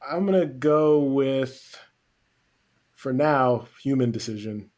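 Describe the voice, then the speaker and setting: A man from the US East Coast, a podcast guest giving relaxed, brief answers and laughing often. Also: medium pitch, slow pace. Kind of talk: casual interview answers.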